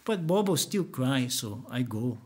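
A man's voice: medium pitch, sing-song, measured pace, darkish tone. A man telling a first-person story in Hawaiian Pidgin with a plain, earnest delivery.

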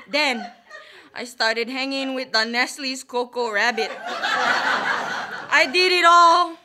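High, lively woman with Hawaiian Pidgin accent. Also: slow pace, heavy background noise. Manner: mock-dramatic, switching between pidgin and prim standard speech. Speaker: comedian. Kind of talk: stand-up comedy monologue.

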